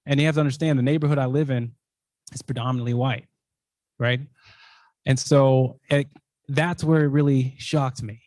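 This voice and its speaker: Male speaker at a podium, middle pitch, informal storytelling with lots of restarts, dry sound. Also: steady tone, moderate pace, pauses often, darkish tone, dry recording. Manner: conversational, heavy use of "like", frequent restarts. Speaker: invited speaker. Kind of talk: personal storytelling talk.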